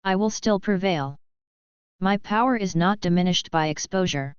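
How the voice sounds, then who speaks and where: A woman voicing a cold, contemptuous male dark lord. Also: mid-range voice, normal speed, smooth, no room sound, highs cut off, close to an everyday voice. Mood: menacing.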